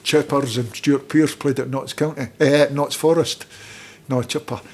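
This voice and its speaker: A man's voice: medium pitch, fairly even intonation, moderate pace, darkish tone. A middle-aged Scottish man, a former footballer and manager, telling rambling anecdotes in a casual interview and acting out the people he quotes. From Scotland.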